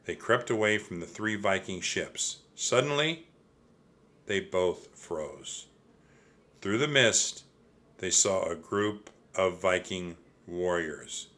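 A man narrating a children's audiobook in a slow, measured way. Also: low-pitched, animated, sharp tone.

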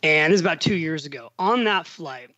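A man's voice: on the high side, fairly quick, no room sound, muffled recording. A middle-aged man, a podcast guest, telling a long story in casual conversation and acting out the quotes. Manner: animated storyteller, acts out quotes.

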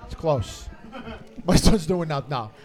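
A man's voice: on the high side, animated, takes it slowly, darkish tone. A man co-hosting a casual comedy podcast, bantering and teasing the guests. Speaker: podcast co-host. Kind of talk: casual chat.

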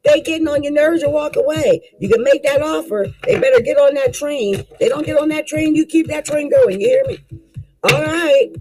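A tarot reader giving a casual card reading, animated and exclamatory, talking straight to the listener in a folksy, coaching way. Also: high voice, normal speed, low-quality recording.

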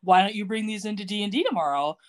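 A woman's voice: mid-range voice, fast, lightly acted. A woman voicing a blunt, charming young woman from a TV drama while retelling a scene, her own voice only slightly lifted. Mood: sweet, scheming.

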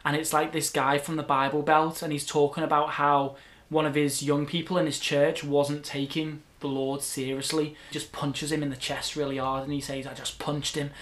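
Gentle-voiced Scouse man. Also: a little high, flat delivery, moderate pace. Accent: soft Scouse. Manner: gentle, joking, easygoing. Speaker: podcast co-host. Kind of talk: casual chat.

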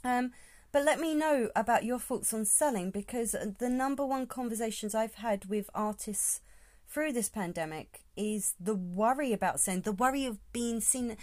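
A woman's voice: a little high, normal speed, darkish tone, no echo. A woman hosting her podcast in a casual, rambling solo talk, thinking aloud as she goes. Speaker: podcast host.

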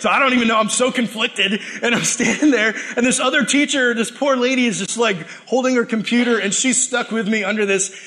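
Lively, bright-voiced young preacher. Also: male voice, very high-pitched, a little fast, hardly any pauses. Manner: animated, joking, acts out quoted voices. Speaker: youth pastor. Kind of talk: casual sermon to students.

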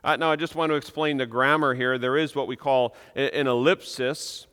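Emphatic preacher in a reverberant church. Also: male voice, mid-range voice, fairly even intonation, normal speed, a bit bright, smooth. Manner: earnest, emphatic preaching with repetitions. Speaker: pastor. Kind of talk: sermon. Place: church sanctuary. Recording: long reverb of a church hall.

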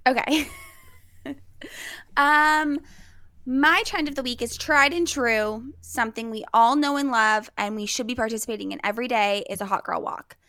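A woman's voice: fairly high pitch, moderate pace, bright, forceful tone, dry recording, studio quality. A woman co-hosting a podcast in casual chat, upbeat and full of trendy slang. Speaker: podcast co-host.

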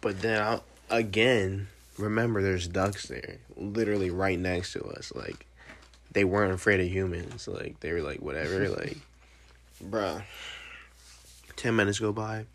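A young man telling a story in a casual chat, animated, profane and full of slang. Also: deep voice, a little slow.

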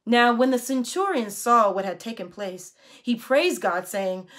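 A woman's voice: a little high, expressive, measured pace, a bit bright. Solemn woman reading scripture. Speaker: scripture reader.

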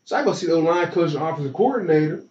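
A young man telling stories in casual conversation, animated and acting out the voices of people in his anecdotes. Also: fairly high pitch, racing, far from the mic. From from a small town. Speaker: interview guest. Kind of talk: casual storytelling. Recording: roomy, dull and slightly noisy.

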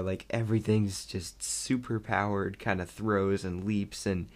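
A young man chatting casually about a movie he loved, rambling and excitable and laughing often. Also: on the low side, unhurried, hardly any pauses. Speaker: vlogger reviewing a movie. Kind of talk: casual chat.

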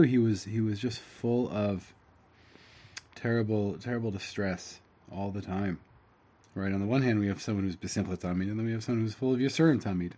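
A man teaching, reading a story aloud and translating it line by line, halting often with fillers and restarts. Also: fairly low pitch, warm tone, slightly rough. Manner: halting, with fillers and self-corrections.

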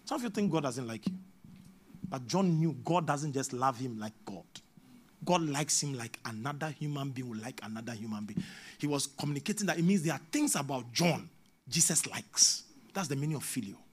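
A man with a Ghanaian English accent preaching a sermon as a prophet, moving between hushed asides and shouted exhortation. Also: medium pitch, animated, brisk, slightly rough.

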